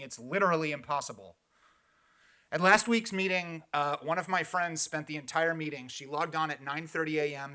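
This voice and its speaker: A man's voice: a little high, pushed and bright. Sarcastic man giving public comment. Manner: sarcastic, pointed.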